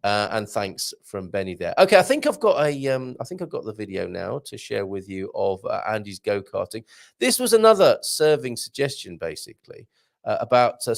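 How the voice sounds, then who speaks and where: Hosting a relaxed live morning show, this man reads out comments from viewers and banters with a joking manner. His voice sits at a medium pitch and carries noticeable vocal fry, in the style of an easygoing live-stream chat.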